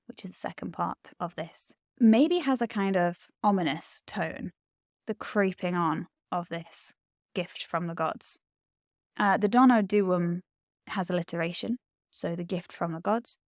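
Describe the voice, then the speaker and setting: A woman's voice: mid-range voice, a little mellow, dry recording, clean studio sound. A woman Latin tutor, explaining poetry in an enthusiastic, chatty way with frequent ums.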